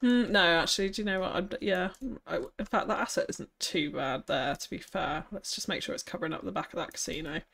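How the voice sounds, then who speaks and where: A woman's voice: fairly low pitch, a little fast, creaky, hardly any pauses, fairly bright tone. A woman streaming a city-building game, chatting casually and thinking aloud, with frequent laughs. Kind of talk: casual live-stream commentary while building.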